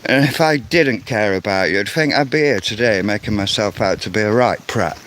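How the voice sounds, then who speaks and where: A man's voice: lowish voice, a little fast, a bit bright. A man giving an angry, insistent vlog rant, often repeating words as he goes. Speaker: vlogger. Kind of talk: ranting vlog monologue.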